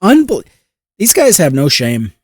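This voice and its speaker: A man's voice: on the high side, huge pitch swings, unhurried, a little mellow, breathy edge, no echo, studio quality. A man reacting to a clip with sarcastic, profane commentary. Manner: mocking, profane.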